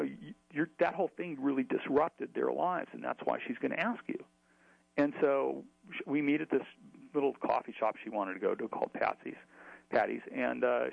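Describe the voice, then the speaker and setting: A man's voice: mid-range voice, vocal fry, slightly rough, no echo, narrow, tinny audio. A man telling a long story in an interview, chatty, with many fillers and restarts. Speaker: author.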